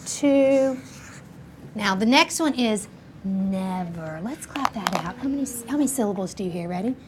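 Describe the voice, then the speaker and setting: A woman teaching a first grade class, slowly sounding out words and encouraging the children. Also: a little high, animated. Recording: noisy classroom recording.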